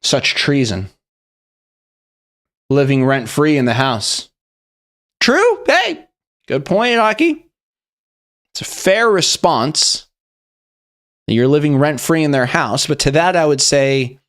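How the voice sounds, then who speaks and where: A man's voice: a little high, very animated, slow pace, long pauses, a bit bright. A young man hosting a meme review, talking in a casual, rambling, profane way. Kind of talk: casual commentary.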